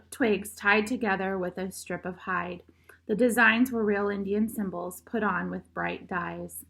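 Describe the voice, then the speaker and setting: A woman reading a children's novel aloud as storyteller, expressive, greeting her listeners and correcting small slips as she goes. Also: medium pitch.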